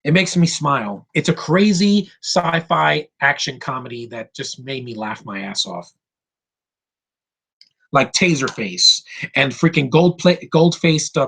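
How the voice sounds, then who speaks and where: A man giving an excited, ranting film review, swearing and acting out lines from the movie. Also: medium pitch, vocal fry, slightly rough.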